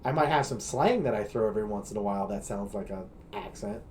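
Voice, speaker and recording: A man's voice: lowish voice, quick pace, a little mellow, slight background noise. A young man from Colorado, a podcast guest chatting casually with a sarcastic, wisecracking manner. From Colorado, USA. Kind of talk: casual chat.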